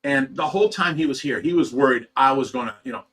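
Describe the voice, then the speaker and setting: Agitated middle-aged man with a bright voice. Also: medium pitch, quick pace, hardly any pauses, husky. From Ohio, USA. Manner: agitated, repeats words, acts out quotes. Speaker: fish rescue owner. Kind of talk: casual venting monologue. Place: at home.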